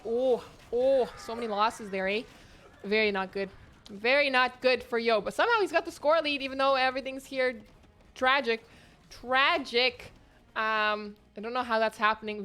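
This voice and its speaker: A woman hosts her own tournament and calls the action herself in a voice a touch higher than most. She talks from home into a streaming mic. Her play-by-play is chatty and excitable, full of quick exclamations. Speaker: tournament host and caster. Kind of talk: live esports play-by-play commentary. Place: home, near the internet modem.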